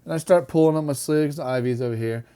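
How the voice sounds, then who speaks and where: Middle-aged male co-host, animated storyteller, laughs often, acts out quotes. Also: fairly high pitch, fast talker, clean tone. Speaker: podcast co-host telling a story. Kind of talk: casual storytelling chat.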